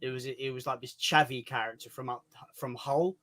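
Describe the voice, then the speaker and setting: A man on a live stream as a guest, chatting casually, self-deprecating and quick to laugh. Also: medium pitch, steady tone, fairly bright tone.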